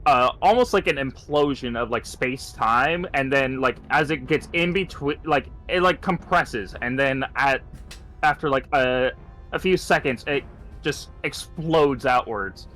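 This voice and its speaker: Male player, mid-pitched, halting and casual, faint music behind. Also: fairly bright tone. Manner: hesitant, many fillers, describes spells loosely. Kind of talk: casual tabletop game play.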